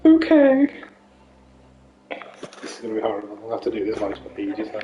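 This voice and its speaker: A woman's voice: rumbling low, completely flat delivery, very fast, dull audio, loud music behind the voice. Dry-humored woman, echoey room. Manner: dry, swears freely. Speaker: game player. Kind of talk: casual chat while playing.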